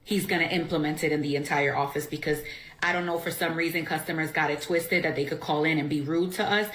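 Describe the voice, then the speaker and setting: A woman's voice: low voice, fairly even intonation, fast talker, a bit bright, roomy sound, slight background noise, rough recording. A woman voicing a blunt, mocking female call-center agent in a cartoon. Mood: smug. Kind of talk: cartoon voice acting.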